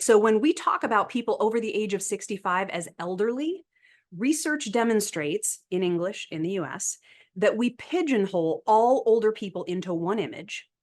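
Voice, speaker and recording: A woman psychologist presenting a webinar lecture. She explains her points steadily and keeps checking in with the audience with a quick "right?". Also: mid-range voice. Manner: explanatory, often adds "right?" to check in with listeners.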